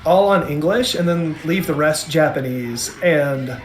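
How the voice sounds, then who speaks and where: A man's voice: a little high, measured pace, slight background noise. A man in his thirties, a podcast co-host in casual chat, enthusiastic and rambling with many restarts. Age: 30s.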